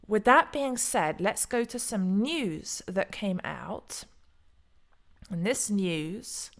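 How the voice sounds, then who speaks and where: A middle-aged woman hosting a casual solo commentary video, chatty and rambling, often stumbling over names and restarting. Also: mid-range voice. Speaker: crypto video host.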